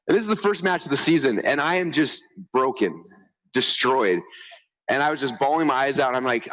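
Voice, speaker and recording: A man giving an energetic stage presentation to a live crowd, talking fast and acting out what people say. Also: mid-range voice, rough recording. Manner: fast, excitable, acts out quotes. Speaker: speaker on stage. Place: large event stage.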